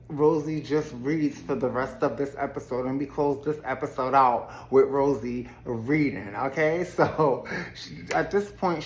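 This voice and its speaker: A woman's voice: rumbling low, reverberant, slight background noise, rough recording. A woman giving a casual, sassy recap of a reality TV episode with her own commentary, laughing often as she tells it. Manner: sassy, expressive storyteller who laughs often.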